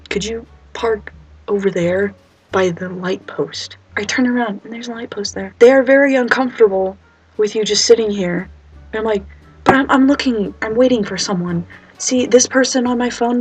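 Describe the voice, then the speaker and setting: A young woman vlogger telling a story to camera in a casual, animated way, acting out the voices of the people she quotes. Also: mid-range voice, husky, rough recording. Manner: animated, acts out quoted voices, nervous humor.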